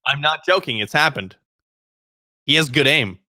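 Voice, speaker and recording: A man's voice: a little high, animated, moderate pace, sharp tone, no echo, clean studio sound. A young man co-hosting a casual morning talk show, joking and laughing often and stumbling over his words. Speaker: co-host. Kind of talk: casual chat.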